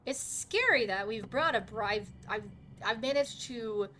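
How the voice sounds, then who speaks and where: Woman gamer, live commentary, unhurried delivery, faint noise behind, prone to cursing. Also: fairly high pitch. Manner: chatty, swears often, talks to chat; excitable reactions, sudden outbursts. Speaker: live streamer.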